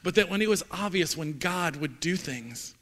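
A man in his forties preaching a sermon in a church, earnest and halting, repeating words when moved. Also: on the high side, animated, a bit bright. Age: 40s. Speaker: pastor. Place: church sanctuary. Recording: long hall reverb.

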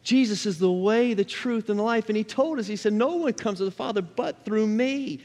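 A man's voice: sits high, moderate pace, a little mellow, long reverb tail. A man preaching a sermon as a pastor, emphatic, with repeated refrains and scripture read aloud.

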